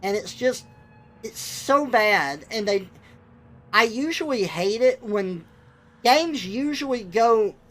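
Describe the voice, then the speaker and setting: This young male livestreamer has a high, slightly bright voice. He rants bluntly and with exasperation in a casual stream, swearing now and then.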